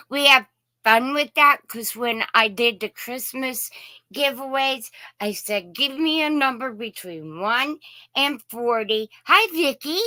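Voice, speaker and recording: On her casual morning live stream, an Indiana woman says hello to every viewer by name with friendly, folksy charm. Her bright, slightly high voice is expressive, slow, and unhurried, captured in a dry, close recording without room echo.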